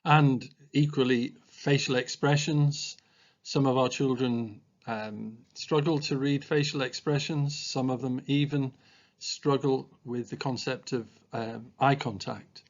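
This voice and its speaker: A man giving a measured training talk on communication at a special school, pausing often with ums and uhs. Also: mid-range voice, steady tone, lo-fi sound.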